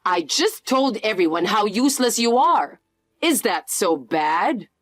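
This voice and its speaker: A synthetic woman's voice reading the lines of a spiteful middle-aged mother-in-law in an even, flat delivery. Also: mid-range voice, unhurried, no room sound, studio quality. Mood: dismissive. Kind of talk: scripted story narration.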